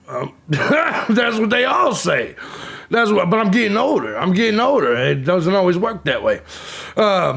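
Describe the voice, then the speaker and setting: A loud man hosting a casual live stream, with a voice pitched high for a man and a gravelly fry. He swears freely and greets viewers in the chat by name. His breathing is audible, and his desk mic sits a little back from his mouth. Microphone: desk mic pushed back from the mouth.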